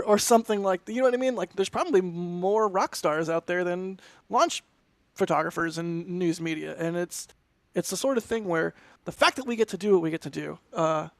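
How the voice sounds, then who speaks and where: A man's voice: high-pitched, moderate pace, dry recording. A man co-hosting a launch livestream, chatting casually in an effusive, rambling way that keeps interrupting itself. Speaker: livestream co-host. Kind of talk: casual launch-stream commentary.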